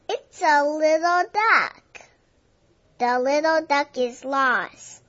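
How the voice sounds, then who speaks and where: Bright, high woman reading slowly. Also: muffled recording. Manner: slow, clear, sing-song reading for small children. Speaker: storybook reader. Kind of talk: reading a picture book aloud.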